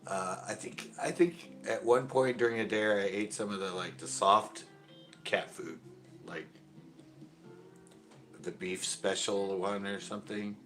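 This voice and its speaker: A middle-aged man hosting a casual live stream, rambling through anecdotes, laughing and loudly acting out other people's lines. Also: fairly low pitch, steady tone, measured pace, faint music behind. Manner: rambling storyteller, acts out quotes loudly and laughs often. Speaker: host of a fishing channel livestream.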